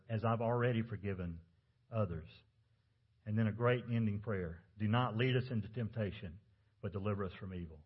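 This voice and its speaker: Husky low-voiced male pastor preaching. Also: muffled recording. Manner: conversational preaching with rhetorical questions. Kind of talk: sermon.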